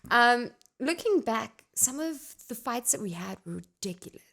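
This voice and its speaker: A woman's voice: fairly high pitch, sing-song, normal speed, gravelly, a bit bright. A young adult woman on a podcast as a guest, chatting casually with a teasing, joking manner. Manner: playful, teasing, jokes. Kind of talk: casual chat.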